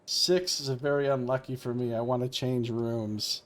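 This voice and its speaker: A man's voice: medium pitch, steady tone, moderate pace, lightly acted. A man reading the lines of a blunt, insistent male motel guest in a video game. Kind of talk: reading game dialogue aloud.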